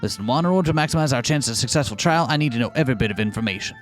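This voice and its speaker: A man's voice: medium pitch, animated, very fast, faint music behind, close to an everyday voice. A man voicing a stern male bird defense attorney in a game, with formal, bluffing legal talk. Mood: firm.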